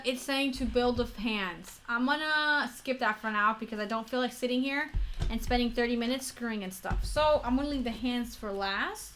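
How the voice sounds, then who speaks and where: A woman's voice: fairly high pitch, fairly bright tone, slight background noise. A young woman with a Florida accent, chatting casually on a livestream while building a model kit, rambling and correcting herself as she goes.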